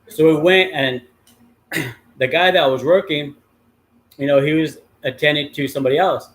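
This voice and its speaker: A medium-pitched, slightly bright voice belongs to this middle-aged man hosting a livestream. He rambles casually through a long tale, swearing freely and stuffing pauses with ums and uhs.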